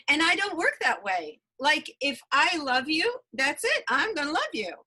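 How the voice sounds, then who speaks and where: Bright high-voiced woman, earnest storyteller. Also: big pitch swings, normal speed, hardly any pauses, low-quality recording. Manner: earnest, repeats phrases, emphatic. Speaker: interview guest, energy healer. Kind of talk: emotional personal storytelling.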